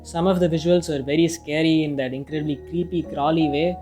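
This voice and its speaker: A man's voice: fairly high pitch, fairly even intonation, fairly quick. A man reading a casual, opinionated film review, now and then swearing mildly. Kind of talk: scripted review narration. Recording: music playing faintly behind.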